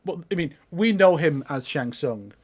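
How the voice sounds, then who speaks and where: A man's voice: a little high, expressive, moderate pace, darkish tone. A man co-hosting a casual podcast, teasing and insistent. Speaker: podcast co-host. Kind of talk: casual chat.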